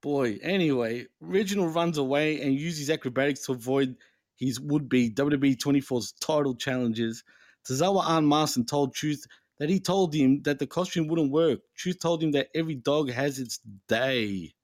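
A man's voice: a little high, moderate pace, darkish tone, no room sound, studio quality. A man co-hosting a casual wrestling podcast, swearing bluntly and joking. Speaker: podcast co-host.

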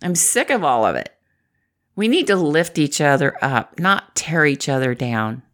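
A woman's voice: low-pitched, sing-song, unhurried, fairly bright tone. A middle-aged woman from the Midwest, talking to camera in a chatty, encouraging way and laughing often. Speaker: inspirational vlogger. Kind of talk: upbeat motivational talk to camera.

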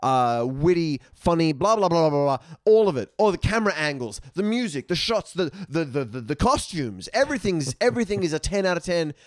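A man's voice: a little high, sing-song, brisk, few pauses, dry recording, clean studio sound. A man chatting as a podcast guest, enthusiastic and emphatic. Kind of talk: casual podcast review chat.

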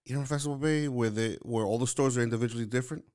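A man's voice: medium pitch, racing, a little mellow, clear, resonant tone. A man from New York chatting casually, rambling and searching for his words with lots of fillers. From New York, Lower East Side Manhattan. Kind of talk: casual chat.

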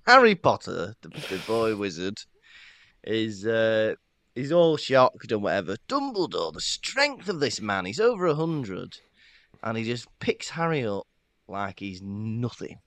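A man's voice: fairly low pitch, measured pace, dry recording. A man co-hosting a podcast, chatting casually and jokily and laughing often. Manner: jokey, animated, laughs often. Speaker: podcast co-host. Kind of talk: casual chat.

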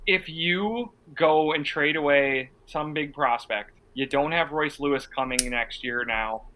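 A man's voice: a little high, a little slow, sharp tone, slight background noise, poor audio. A man hosting a casual sports podcast, steering topics and giving blunt opinions. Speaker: podcast host.

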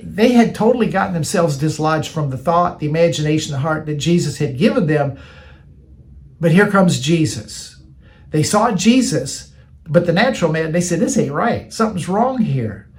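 High-pitched male preacher, casual sermon delivery, repeats lines for emphasis. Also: moderate pace. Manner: conversational, repeats phrases for emphasis.

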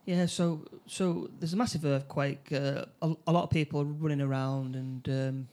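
A man recapping a film plot in casual chat, halting, with many restarts and fillers. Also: on the high side, fairly even intonation, a little mellow. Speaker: film review co-host.

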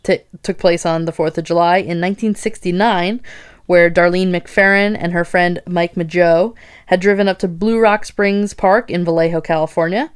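A woman's voice: fairly low pitch, fairly even intonation, moderate pace, clear, resonant tone. A woman co-hosting a casual true-crime chat, reading case details and reacting with gasps and swearing. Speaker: podcast co-host.

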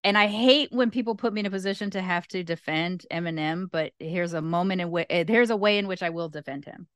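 A woman's voice: fairly low pitch, a little fast, smooth, no room sound, clean studio sound. A woman from North Long Beach giving her frank opinions at length in a casual podcast conversation. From North Long Beach, California. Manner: candid, opinionated, talks at length. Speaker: guest co-host.

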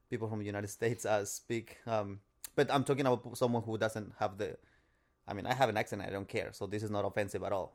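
Man with a Mexican Spanish accent. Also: fairly low pitch. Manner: halting, with repeated restarts. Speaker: podcast co-host. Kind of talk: casual chat.

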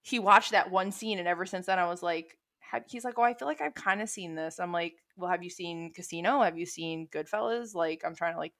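A young woman chats casually in a slightly low voice, wandering through her stories with lots of energy. She swears freely as she talks. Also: brisk, hardly any pauses. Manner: rambling, animated storyteller who swears casually. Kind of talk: casual chat.

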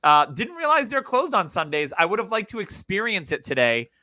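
A man's voice: sits high, big pitch swings, fairly quick, bright, forceful tone, no room sound. A man hosting a podcast in casual chat, joking and teasing his co-hosts. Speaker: podcast host.

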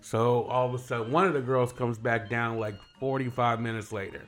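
Man telling a lively anecdote. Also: medium pitch, brisk. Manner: animated storyteller, laughs often, acts out quotes. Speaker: guest. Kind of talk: casual storytelling chat.

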